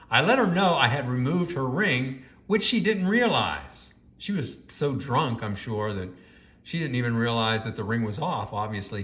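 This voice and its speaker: A man's voice: mid-range voice, fairly bright tone, echoey room. Man narrating with judgmental asides. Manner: judgmental, scolding commentary. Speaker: story narrator and commentator. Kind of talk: reading a first-person story with opinionated asides.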